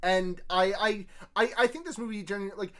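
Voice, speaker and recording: A woman's voice: mid-range voice, fairly quick, fairly bright tone. A woman hosting a podcast in casual chat, rambling with many restarts and fillers. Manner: rambling, stammering restarts, lots of "like". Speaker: podcast host.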